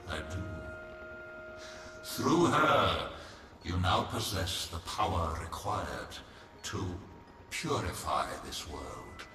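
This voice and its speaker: A deep, unhurried voice of a wise old councillor speaks in grave, measured pronouncements. It sounds far off in a long, echoing hall. Game music plays beneath. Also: male voice, very animated, full character voice. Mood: solemn. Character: solemn wise male council elder. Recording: distant echoey game audio with music.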